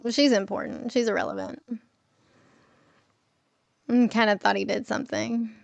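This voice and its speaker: A woman's voice: on the high side, fairly even intonation, moderate pace, creaky, no echo. A woman hosting a casual morning livestream from home, chatting with viewers and reading their messages aloud, laughing often. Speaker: livestream host.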